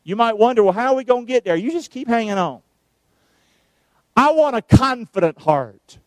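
A male preacher, giving a sermon, calling on the congregation to answer and shouting verses out. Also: extremely high pitch, expressive, normal speed, no echo. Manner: calls for responses, shouts the verses out.

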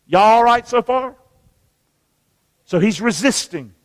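High-voiced preacher in an echoing hall. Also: male voice, expressive, takes it slowly. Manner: call-and-response, folksy, reads scripture aloud. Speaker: pastor. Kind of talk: sermon. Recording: long reverb of a large hall.

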